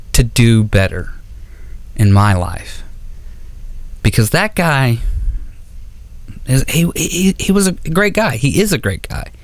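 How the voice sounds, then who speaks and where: A man doing a stand-up routine on a club stage, his pitch jumping wildly as he rants. He stammers and swears through the story in a fed-up, exasperated way. The sound is close and dry. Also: dry recording. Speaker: stand-up comedian.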